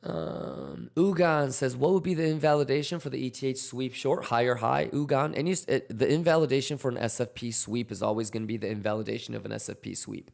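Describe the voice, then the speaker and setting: A man's voice: mid-range voice, fairly even intonation, fairly quick, vocal fry, hardly any pauses, darkish tone. A man hosting a trading livestream, reading viewer questions aloud and coaching them in a casual, slangy way with many fillers. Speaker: crypto trading livestream host. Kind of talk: livestream chat reading and market commentary.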